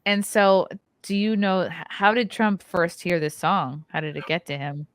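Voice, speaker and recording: A woman's voice: lowish voice, level tone, normal speed, no echo. Female host, chatty, laughs easily, casual interview, dry close sound. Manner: chatty, laughs between words. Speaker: podcast host.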